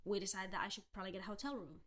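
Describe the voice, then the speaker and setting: A young woman in her twenties, a podcast host, telling a personal story in a candid, animated way, with frequent laughter and fillers like "like" and "um". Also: mid-range voice, rapid-fire. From Southern California. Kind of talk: casual storytelling rant.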